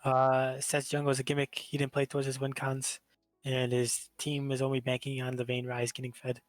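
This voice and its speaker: Flat-voiced man, blunt and plain. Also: mid-range voice, normal speed, no room sound, soft background music, poor audio. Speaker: esports team player. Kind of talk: post-game interview, casual.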